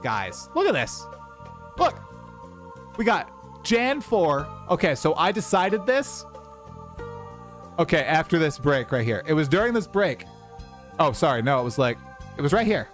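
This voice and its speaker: A young man chatting casually on a livestream, rambling and animated as he talks to his chat. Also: a little high, unhurried, pauses often, faint music behind. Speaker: streamer.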